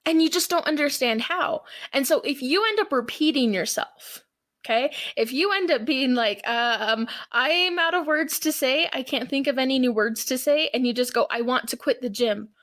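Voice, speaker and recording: Female podcast co-host, fairly high voice, chatty storyteller who acts out quotes. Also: normal speed, fairly bright tone. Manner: chatty, retells scenes acting out quotes. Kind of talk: casual chat.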